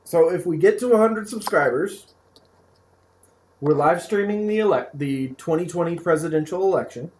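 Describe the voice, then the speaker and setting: A man's voice: a little high, animated, moderate pace, a little mellow, reverberant, slight background noise. A man co-hosting a podcast, chatting easily about the news and laughing along. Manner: easygoing, laughs along, trails off. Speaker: podcast co-host. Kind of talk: casual news chat.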